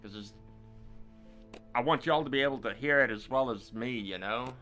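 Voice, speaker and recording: A man's voice: medium pitch, moderate pace, bright, forceful tone, faint music behind. A man giving casual gameplay commentary, chatting to his viewers and muttering at the game. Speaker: gamer streamer.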